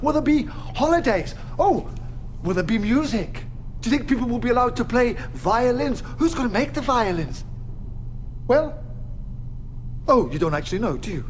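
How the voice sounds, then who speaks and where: A fierce male alien time traveller from a television drama, pressing a rebel with a torrent of questions. His voice sits high and leaps up and down across a wide range. Behind him lies a faint hum of background noise. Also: poor audio. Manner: impassioned, rapid rhetorical questions, drops low and hushed.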